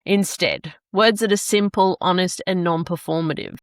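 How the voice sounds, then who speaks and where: A woman's voice: fairly low pitch, normal speed, dry recording, clean studio sound. A woman hosting a podcast, reflecting on her own experience as a parent and asking questions. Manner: reflective, shares personal experience. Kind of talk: conversational podcast talk.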